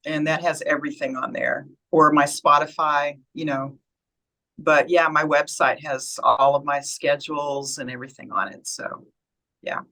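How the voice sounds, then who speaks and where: A man's voice: on the high side, level tone, moderate pace, sharp tone, rough recording. A man from Texas, a musician guest, chatting casually in an interview.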